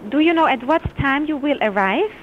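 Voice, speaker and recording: Woman, high voice, polite receptionist, confused, giggly, dull phone audio. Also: lively intonation, brisk, a little hiss or hum. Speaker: receptionist taking a call. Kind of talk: phone call.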